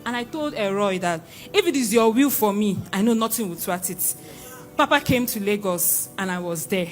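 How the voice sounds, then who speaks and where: A young Nigerian woman giving an excited church testimony, exclaiming and repeating phrases. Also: mid-range voice, normal speed, faint music behind. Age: young adult.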